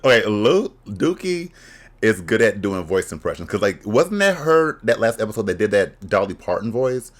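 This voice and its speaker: A man's voice: fairly low pitch, very animated, moderate pace. A man hosting a casual reaction video, talking candidly and bluntly with bawdy jokes and frequent laughter. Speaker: drag reaction video host.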